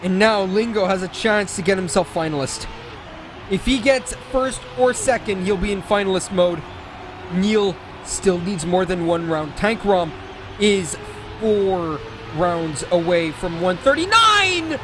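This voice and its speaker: A man casting a racing esports match with play-by-play commentary, excitable and jokey, often correcting himself mid-call. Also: high voice, measured pace, background noise. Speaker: esports caster.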